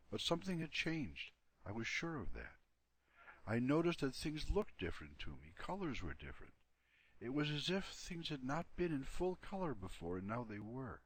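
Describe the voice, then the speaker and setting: Man calmly reading a novel aloud. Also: lowish voice, slightly rough. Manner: calm, unhurried storytelling. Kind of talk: audiobook-style reading on a livestream.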